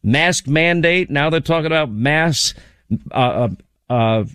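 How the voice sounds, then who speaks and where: A man's voice: fairly high pitch, slow, a bit bright, clear, resonant tone, no room sound, studio quality. A man hosting a political talk show, combative and sarcastic, firing off rhetorical questions. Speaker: talk radio host.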